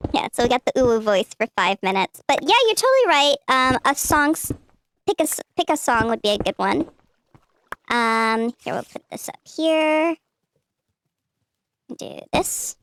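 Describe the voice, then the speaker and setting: A woman streamer talking through a voice changer set to a cutesy uwu voice, bubbly and rambling. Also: fairly bright tone. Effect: pitched-up voice changer.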